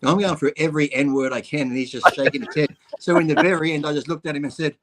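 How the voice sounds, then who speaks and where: A man's voice: fairly high pitch, fairly even intonation, fast talker, a bit bright, low-quality recording. A middle-aged man, a blunt storyteller cracking crude jokes in casual chat. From Australia. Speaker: bodybuilder co-host.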